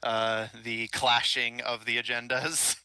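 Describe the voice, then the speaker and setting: A man's voice: medium pitch, flat delivery, slow, bright, forceful tone, smooth, dry recording, low-quality recording. A man running an online tabletop game as game master, chatty and laughing between lines, full of uhs.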